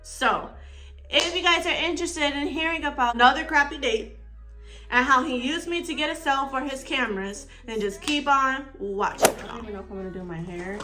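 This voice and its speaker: A woman's voice: high-pitched, fairly quick, over music. A woman, chatting casually as she tells a story while getting ready at home. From Texas. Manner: chatty, rambling, acts out dialogue. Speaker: storytime YouTuber. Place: at home indoors by a window.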